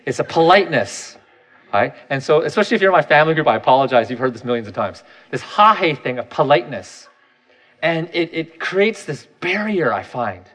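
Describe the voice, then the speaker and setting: A man's voice: fairly high pitch, fairly bright tone. A man in his thirties giving a candid, self-deprecating personal talk, often restarting his sentences.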